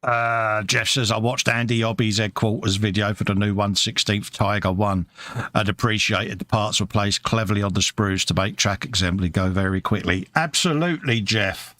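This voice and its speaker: A man's voice: fairly low pitch, moderate pace, pushed and bright, dry recording, clean studio sound. A British man co-hosting a casual live stream from his hobby workbench, chatting and reading viewer comments aloud, calling everyone mate. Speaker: live show co-host.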